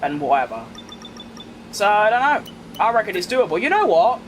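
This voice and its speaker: A man's voice: high-pitched, big pitch swings, normal speed, a little hiss or hum. A young man with a London accent, talking casually while playing a racing game and reading his chat aloud in a wry, self-mocking way. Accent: London English. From England. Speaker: gaming streamer.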